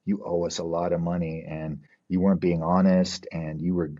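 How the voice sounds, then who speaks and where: A man's voice: low-pitched, flat delivery, normal speed. A man from New Mexico, a podcast guest, telling a long story in a casual, rambling way with plenty of swearing and fillers, acting out the people he quotes. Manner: rambling, profane, fills with "like" and "you know". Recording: slightly dull, muffled podcast audio.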